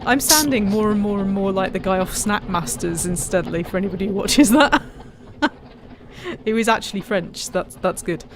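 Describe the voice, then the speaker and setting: A woman's voice: mid-range voice, lively intonation, normal speed, noisy background. Giggly woman reading a game aloud. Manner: giggly, reads with playful emphasis. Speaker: let's play host reading game text. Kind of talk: casual gameplay chat and reading aloud.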